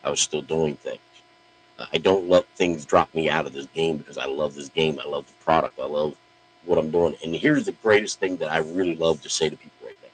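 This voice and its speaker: A middle-aged online wrestling promo talker rants bluntly to camera, profane and brash, often stammering on the first words of sentences. His voice is extremely low and steady, a little fast, on a low-quality recording with slight hiss or hum.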